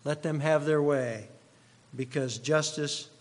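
A man preaches with emphasis and keeps circling back to repeat his key lines. His voice sits a little high for a man. A long reverb trails each phrase, as in a large hall. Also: fairly even intonation, slow pace, darkish tone. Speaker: pastor. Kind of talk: expository sermon.

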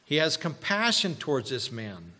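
A man preaching a sermon as a pastor, slow and deliberate, with dramatic pauses and rising emphasis. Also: fairly high pitch, huge pitch swings, bright, forceful tone. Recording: long hall reverb.

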